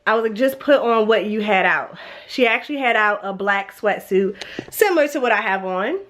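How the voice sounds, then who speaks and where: A woman's voice: mid-range voice, animated, normal speed, fairly bright tone. Young woman, sick and congested, rambling chatty home vlog filmed on a phone. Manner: chatty, rambling, many fillers. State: congested, stuffy-nosed. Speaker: vlogger and mother. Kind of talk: casual home vlog chat. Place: at home, indoors.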